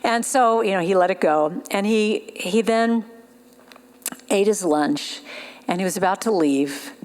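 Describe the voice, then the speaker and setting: A woman speaking at a spiritual service, telling stories with acted-out voices and leading a slow sung chant. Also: medium pitch, darkish tone. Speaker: guest speaker and singer at a spiritual center. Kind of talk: storytelling talk ending in a sung chant.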